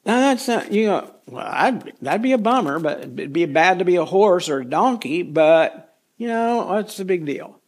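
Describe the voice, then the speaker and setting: A man's voice: high voice, lively intonation, normal speed. A man teaching a casual Bible study, folksy and rambling with chatty asides.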